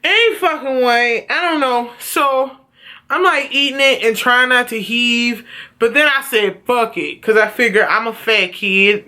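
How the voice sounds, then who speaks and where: A woman vlogger telling a story from her childhood in a casual, profane, animated way. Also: on the high side.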